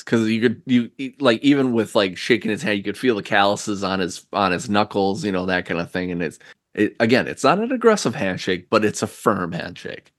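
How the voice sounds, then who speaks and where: A man's voice: fairly low pitch, dry recording, studio quality. A man narrating a tabletop role-playing game as game master, in a loose, chatty way with many fillers.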